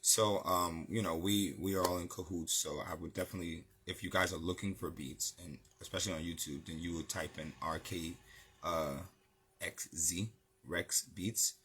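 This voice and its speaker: A man's voice: deep voice, steady tone, normal speed, a bit bright, a little hiss or hum. A man from New City, a music producer chatting casually as an interview guest, laid-back and slangy with lots of fillers. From New York City.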